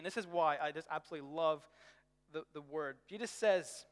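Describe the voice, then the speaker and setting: Youth pastor, man, high voice, chatty animated sermon, reverberant hall. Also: moderate pace, clean tone. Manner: animated, conversational preaching with personal stories.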